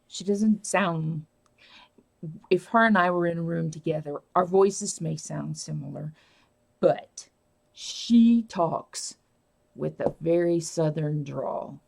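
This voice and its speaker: A woman's voice: sits low, steady tone, unhurried, creaky. A woman hosting a casual live stream, rambling and answering viewer comments as she talks.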